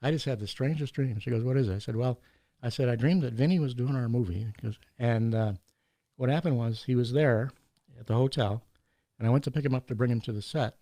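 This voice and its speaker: A man telling anecdotes in a casual podcast chat, animated and laughing often, acting out the people in his stories. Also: mid-range voice, fairly quick, no echo. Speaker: podcast guest. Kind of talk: casual storytelling.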